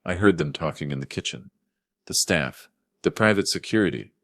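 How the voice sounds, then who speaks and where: A man's voice: low voice, lively intonation, moderate pace, heavily acted. A man voicing a frightened tearful young woman. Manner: urgent hushed warning.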